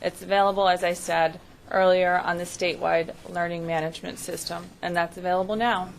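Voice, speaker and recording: Woman exec director giving a meeting update, talks up loud so people calling in can hear, faint hiss behind. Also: on the low side, level tone, brisk, gravelly, poor audio. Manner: businesslike, raises her voice for remote listeners. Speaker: executive director. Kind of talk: meeting report. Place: meeting room.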